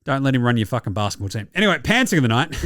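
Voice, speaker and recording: An Australian man hosting a basketball show, ranting in a sweary, excitable and sarcastic way. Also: medium pitch, noisy background. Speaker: basketball podcast host. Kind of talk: casual sports commentary rant.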